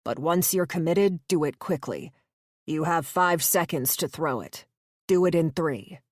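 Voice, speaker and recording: A woman voicing a steady male survivor who explains how to use weapons in a calm, instructive way. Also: low voice, unhurried, no echo, clean studio sound.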